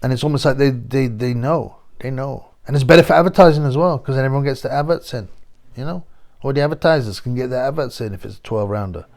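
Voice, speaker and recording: A man's voice: medium pitch, quick pace, darkish tone. A man with a London accent giving a rambling, blunt monologue as host of a boxing channel. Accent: London English. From England. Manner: rambling, blunt, full of slang and asides. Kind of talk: casual opinionated monologue.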